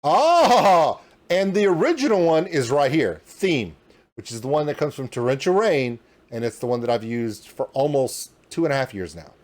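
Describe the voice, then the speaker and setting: Host type: man at his home streaming desk, animated and demonstrative, pitch jumping all over. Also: normal speed, soft background music. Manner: animated and demonstrative, pointing things out. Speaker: reaction channel host. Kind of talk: casual tutorial walkthrough.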